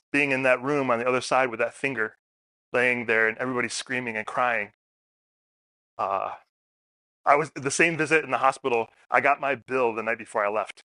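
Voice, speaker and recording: Man, storytelling talk at a forum, bright tense voice, dry close sound. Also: medium pitch, no room sound. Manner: animated storyteller, acts out quotes. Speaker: speaker at a public forum. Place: public forum room.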